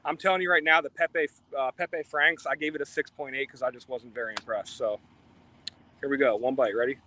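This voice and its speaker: A man's voice: mid-range voice, steady tone, fairly quick, bright, forceful tone, a little hiss or hum. A laid-back man chatting casually on a live show from a pizza shop, rambling and chuckling as he talks. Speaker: show regular joining from a pizza place.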